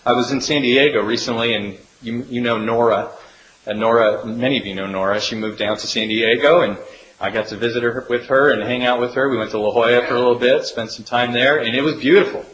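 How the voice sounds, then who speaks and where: A man preaching a sermon as pastor, speaking earnestly and swinging between emphatic rises and hushed, drawn-out drops. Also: mid-range voice. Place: church sanctuary. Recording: echoey room with faint hiss.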